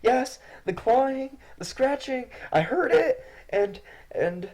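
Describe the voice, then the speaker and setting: A man voicing a young girl, timid and sweet, in a high, breathy little-girl voice during a tabletop game. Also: expressive, slow pace, darkish tone, exaggerated voice. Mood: scared.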